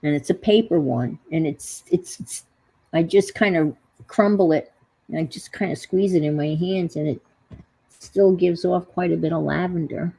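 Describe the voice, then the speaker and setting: A woman's voice: on the low side, moderate pace, creaky, warm tone, slightly rough, rough recording. A woman with a New York accent hosting a casual crafting livestream, rambling and trailing off as she searches for words.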